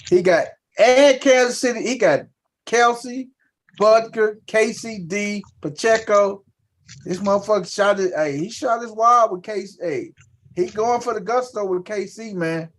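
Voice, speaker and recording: A man with a high-pitched voice riffs loudly on fantasy football picks. His talk is full of cursing and lively banter, bouncing from pick to pick. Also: a little slow. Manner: loud, profane, animated banter about fantasy picks. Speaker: podcast co-host. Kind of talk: casual sports chat.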